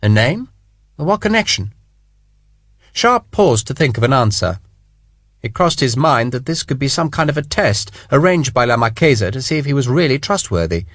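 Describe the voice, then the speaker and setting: This is a man narrating an audiobook from a script in an expressive, storytelling style. His mid-range voice moves a little fast, and the studio-quality recording has no echo.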